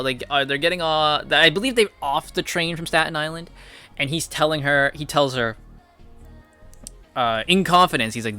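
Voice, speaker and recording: A man's voice: fairly high pitch, pushed and bright, clear, resonant tone. A young man recapping a TV episode in a casual, rambling monologue, blunt and full of swearing. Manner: profane, blunt, rambling with fillers. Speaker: TV episode reviewer.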